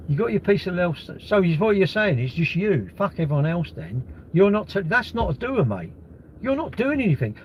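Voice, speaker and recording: A middle-aged man rants to his livestream viewers, blunt and sweary, firing question after question. His voice sits high and leaps around a lot. The stream audio is dull and lo-fi, with a faint hiss behind him. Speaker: livestream host. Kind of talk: casual livestream rant.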